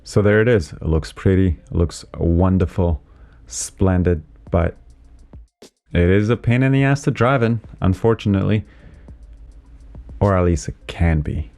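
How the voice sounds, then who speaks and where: A man who is a driving instructor, explaining winter driving in a relaxed, chatty way from inside his car, with lots of "you know" and "right?". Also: low-pitched, a little slow, creaky, long pauses, soft background music. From Canada. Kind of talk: casual instructional commentary while driving.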